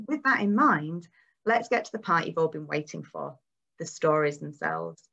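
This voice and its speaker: A woman host introduces a storytelling event in a measured way. Her voice sits fairly low, and the recording is muffled and lo-fi. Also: a bit bright. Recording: dull lo-fi recording.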